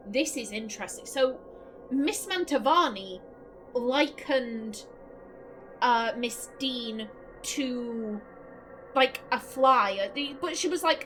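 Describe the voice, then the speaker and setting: A woman streamer does a let's play, chatting through gaming commentary, talking to herself and swearing casually. Her voice is on the high side and slow, and the low-quality recording has her speaking over game music.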